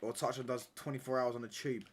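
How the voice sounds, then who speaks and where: A young man streams a football watchalong, bantering casually with his live viewers in slangy talk peppered with "mate" and "pal." His medium-pitched voice stays fairly even and comes fast, over slight background noise.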